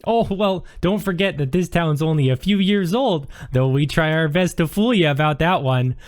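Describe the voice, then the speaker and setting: A man's voice: fairly high pitch, normal speed, voice pushed up, lightly acted. A man putting on a chirpy sweet librarian lady. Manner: chirpy, overly cheerful with a dark joking streak. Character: sweet-looking woman librarian, cheerful.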